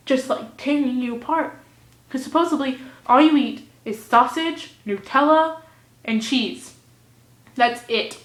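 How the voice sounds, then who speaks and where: A teenage girl vlogging casually, rambling in a goofy way and swinging between mumbles and loud outbursts, recorded on a phone or webcam at home. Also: a little high. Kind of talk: casual vlog rant. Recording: echoey room.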